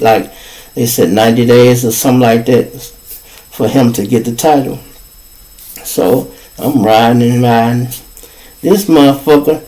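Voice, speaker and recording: A man's voice: medium pitch, a little mellow, rough recording. Profane rambling Chicago storyteller man. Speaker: podcast host. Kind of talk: casual storytelling monologue.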